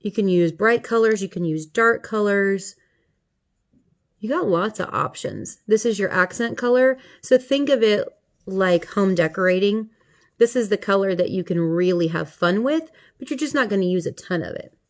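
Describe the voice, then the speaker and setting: A middle-aged woman, a makeup vlogger, walks viewers through a tutorial, chatting playfully to them as she works. Her voice is mid-range and her speed normal.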